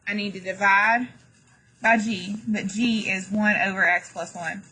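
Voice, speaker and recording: A woman's voice: medium pitch, steady tone, a little slow, sharp tone, husky, poor audio. A woman math teacher giving a classroom lesson, chatty and jokey, with dramatic asides to her students.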